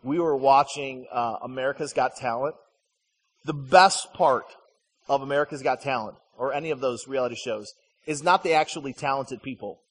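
A man's voice: medium pitch, normal speed, breathy edge, big-room sound. A man from Michigan preaching a conversational sermon as a pastor, telling stories and acting out the people he quotes. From Michigan, USA. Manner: storytelling, acts out quoted voices.

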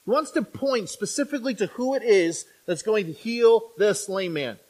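A man with a high voice preaches at a moderate pace, keeping his sermon conversational. He checks in with the congregation through frequent "right?" tags and animatedly acts out imagined speakers.

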